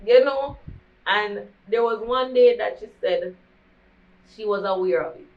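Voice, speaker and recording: A woman's voice: medium pitch, a little slow. A young woman with a Jamaican accent telling a candid storytime vlog, slipping into patois as she talks. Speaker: vlogger. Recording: dull lo-fi recording.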